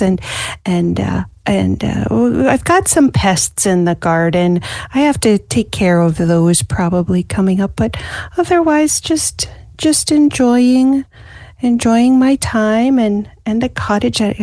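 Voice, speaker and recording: A woman voicing a cheerful, chatty young woman who talks in a bubbly, breathy way. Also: mid-range voice, dark tone, dry recording, close to an everyday voice. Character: cheerful young woman tending her garden cottage.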